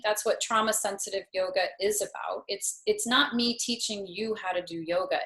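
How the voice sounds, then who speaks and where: Her mid-range voice carries a slight brightness as this yoga teacher in her fifties, a talk-show guest, relates a personal story. She is earnest and reflective with some light self-mockery, and the recording has a roomy echo.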